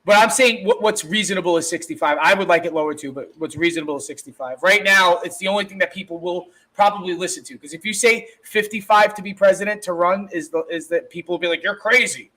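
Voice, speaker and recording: A man's voice: high voice, fast, few pauses, rough recording. A man co-hosting a podcast, rambling and swearing in casual chat. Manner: rambling, animated, swears a lot. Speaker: podcast co-host.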